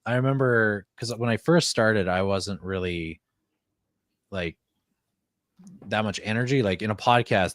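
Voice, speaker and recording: A Canadian man talking casually as a podcast guest, with a laid-back, smooth voice. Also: lowish voice, measured pace, pauses often, dry recording, studio quality. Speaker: guest YouTuber.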